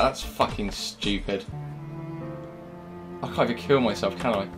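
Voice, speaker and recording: A young man giving live gameplay commentary, swearing constantly and swinging from low muttering to loud yelling. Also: normal speed, long pauses. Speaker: gamer. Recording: game music playing under the voice.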